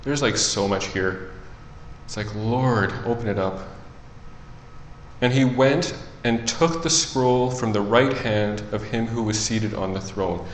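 A man's voice: on the low side, unhurried, a little hiss or hum. Conversational male preacher in a roomy space. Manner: conversational, swings between soft and loud. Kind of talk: sermon with scripture reading.

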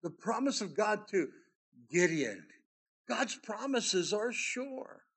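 A middle-aged man delivers a sermon with earnest conviction, his fairly high voice rising on scripture readings and falling soft for asides. He preaches like a pastor walking his congregation through a passage. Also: sing-song, takes it slowly, vocal fry, breathy edge.

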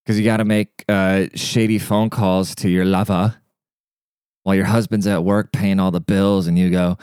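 A man holds forth in a loose, profane and sarcastic rant, like a solo podcast host. His voice sits on the low side for a man. The sound is dry, with no room echo. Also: flat delivery, normal speed, a little mellow, clear, resonant tone. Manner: crude, sarcastic, swears freely.

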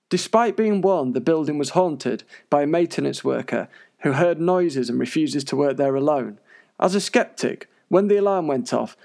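Male presenter for scripted narration: wry and sarcastic, with a gravelly voice. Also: fairly high pitch, darkish tone. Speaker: paranormal news presenter.

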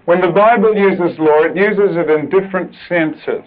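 A man preaching a sermon to other preachers, emphatic and urgent, dropping at times to quiet, earnest asides. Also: sits high, moderate pace. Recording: tinny lo-fi old tape recording.

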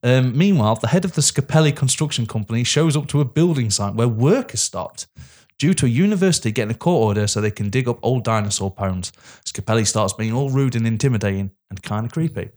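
A man's voice: mid-range voice, expressive, quick pace, a little mellow. A man co-hosting a podcast, recapping a film plot from notes with dry jokes and chuckles. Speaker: podcast co-host. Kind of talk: casual film review chat, reading notes.

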